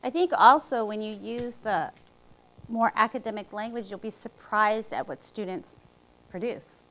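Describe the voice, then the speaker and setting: A woman's voice: medium pitch, unhurried, fairly bright tone, rough recording. A woman presenting to teachers in a conversational way and setting them a partner task. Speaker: literacy presenter. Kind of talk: professional development talk.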